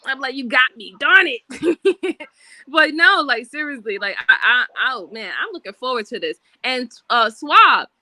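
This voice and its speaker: Bright high-pitched woman, animated storytelling, doing voices, dry close sound. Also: a little slow, dry recording. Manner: animated, acts out quoted voices. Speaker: panelist. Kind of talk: casual storytelling.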